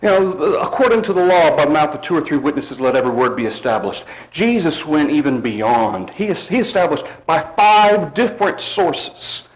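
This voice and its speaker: A man preaching a sermon, emphatic, slowing down on key words and dropping low at the end of phrases. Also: expressive, poor audio.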